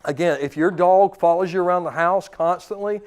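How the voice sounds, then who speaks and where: A man in his thirties, a dog trainer, giving a seminar talk and acting out commands and dogs' thoughts. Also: sits high. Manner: forceful, acts out commands and dog thoughts in quick voices.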